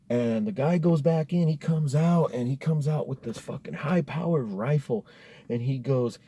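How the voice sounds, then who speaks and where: A man's voice: medium pitch, moderate pace, warm tone, breathy edge, dry recording. A man telling a spooky story in a casual, profane, laid-back way, dropping "dude" often.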